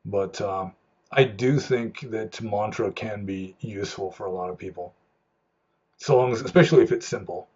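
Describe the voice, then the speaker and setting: A low, husky male voice, a monk talking through viewer questions off the cuff. He circles back and restarts his phrases as he thinks aloud. The sound is dull and lo-fi. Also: moderate pace, darkish tone. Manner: rambling with frequent restarts and fillers. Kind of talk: unscripted Q&A talk.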